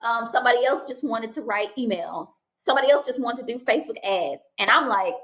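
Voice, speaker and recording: A young woman vlogging casually, telling a story with lively quoted dialogue and many restarts. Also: a little high, brisk.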